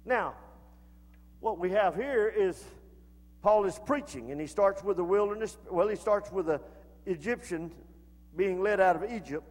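A man preaching a sermon as pastor, in a folksy way that builds to shouted fervor. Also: high-pitched, measured pace, long pauses. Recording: long hall reverb.

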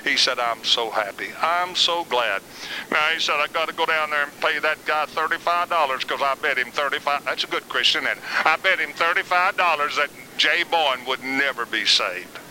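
A man's voice: on the high side, fairly quick, few pauses, pushed and bright, a little hiss or hum, rough recording. An older man teaching a Bible lesson in a folksy, conversational way, mixing in personal stories.

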